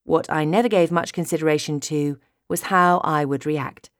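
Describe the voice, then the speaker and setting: A woman narrating a romantic comedy audiobook in the first person, expressive and storytelling. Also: sits low, normal speed, no room sound, clean studio sound.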